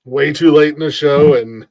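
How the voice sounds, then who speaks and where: A man from the United States hosting a podcast, bantering in loud, profane mock outrage. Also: fairly high pitch, slow pace, creaky, no echo. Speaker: podcast host. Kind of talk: casual comedic banter.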